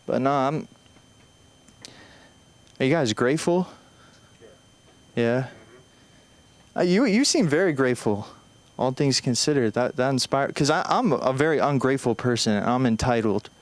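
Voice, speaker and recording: A young male comedian working an open-mic stage, his voice sitting in a middle pitch with a smooth, resonant tone. He rambles anxiously through self-deprecating bits, stumbling and restarting his sentences. The voice comes through a handheld mic in a small club. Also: moderate pace, pauses often. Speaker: stand-up comedian. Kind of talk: open-mic stand-up set.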